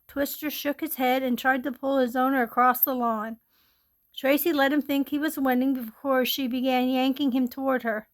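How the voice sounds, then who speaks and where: A woman reads a ghost story aloud in a high, gentle voice. Her delivery is steady and unpolished, with a few small slips and restarts. It sounds like a home storytelling read.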